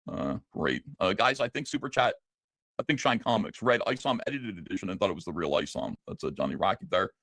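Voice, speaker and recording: A man co-hosting a livestream, reading donation messages in a quick, offhand way. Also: lowish voice, very animated, a bit bright, dry recording. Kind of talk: casual livestream chat.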